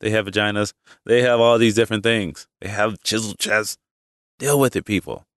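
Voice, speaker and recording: Male podcast host, very low pitch, dry room, loose chatty monologue full of restarts. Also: fairly even intonation, a little fast, a bit bright, no room sound. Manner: rambling, with frequent restarts and asides. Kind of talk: casual opinion monologue.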